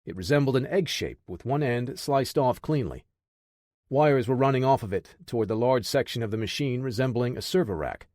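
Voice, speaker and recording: A man reading a military action audiobook in steady, measured storytelling. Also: medium pitch, no room sound, studio quality. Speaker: audiobook narrator. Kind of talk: scripted audiobook narration.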